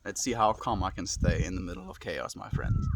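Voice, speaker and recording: A South African man casually live-streaming from his farm, calmly reflecting and greeting viewers by name. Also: fairly low pitch, fairly quick, very noisy. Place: outdoors on a rural farm.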